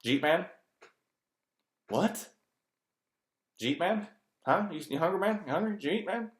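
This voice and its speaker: A man's voice: high voice, animated, slow, voice pushed up. A man mimicking a small-town man who slurs his words together into clipped questions. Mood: mocking. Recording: roomy echo.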